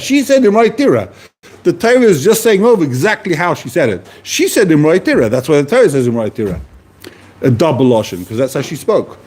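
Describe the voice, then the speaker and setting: A man's voice: a little high, a little mellow, slight background noise. A man teaching a text class, posing questions and answering them, repeating key phrases as he explains. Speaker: Talmud teacher. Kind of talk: lively explanatory lecture.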